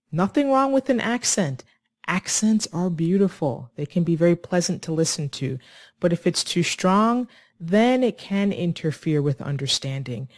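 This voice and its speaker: Measured English teacher, dry close sound. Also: mid-range voice, no echo. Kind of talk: scripted lesson to camera.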